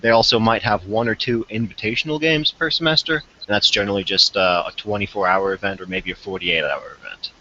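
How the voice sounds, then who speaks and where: A man's voice: lowish voice, brisk, few pauses, sharp tone, slight background noise. A young man as a podcast guest, chatting casually and a little hesitantly, with fillers and a self-deprecating manner. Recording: dull lo-fi remote call audio.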